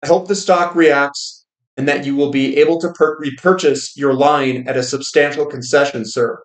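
A man's voice: a little high, fairly even intonation, moderate pace, lightly acted. A man reading aloud as a stubborn, dignified old stock trader with a formal, old-fashioned way of speaking. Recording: roomy echo.

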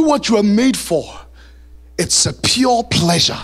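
High-voiced, animated male preacher. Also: takes it slowly. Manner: animated preaching, sings song lyrics and plays voices. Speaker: pastor. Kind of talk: sermon. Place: church.

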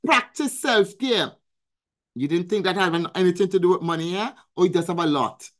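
A woman's voice: on the low side, expressive, fairly quick. A woman hosting a weekly live coaching stream, talking in an emphatic, preacherly way, repeating phrases and answering viewers in the chat. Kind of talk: motivational live-stream talk.

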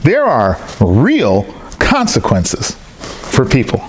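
Preaching slowly in a medium-pitched voice, a man shares personal stories during a sermon in a church hall. He brings them to life by performing other people's voices. A little hiss or hum runs under the recording.

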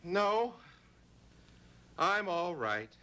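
A man's voice: sits high, sing-song, very slow, pushed and bright, a little hiss or hum, heavily acted. A man playing a tired, exasperated father trying to settle his daughter and get to bed. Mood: weary. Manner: exasperated, groaning.

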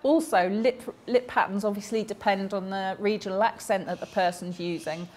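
A woman's voice: mid-range voice, steady tone, moderate pace, a little mellow. A woman, voicing a deaf speaker's personal stories aloud in a chatty, anecdotal way, with small self-corrections along the way.

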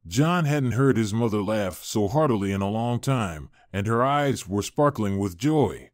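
A man reading a story as narrator in a steady, even way. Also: fairly low pitch, unhurried, few pauses, no echo, clean studio sound.

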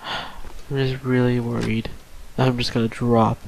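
With a medium-pitched, creaky and slightly mellow voice, a young man speaks flatly at a measured pace over a little hiss or hum. He hosts a gaming channel and mutters casually to himself through a survival game let's-play, tired and drained late at night. Sighs and nervous little laughs punctuate his talk.

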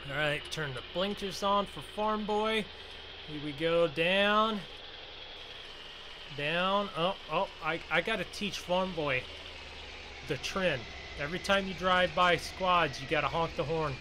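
A man hosting a farming game role-play, talking with excitable, dramatic exclamations. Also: high voice, a little slow, background noise. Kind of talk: gaming role-play commentary.

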